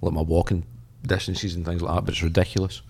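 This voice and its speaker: A man's voice: deep voice, flat delivery, quick pace, a little mellow, husky. A Scottish man, a golf caddie, chatting casually and bluntly on a podcast, swearing freely. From Scotland. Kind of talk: casual chat.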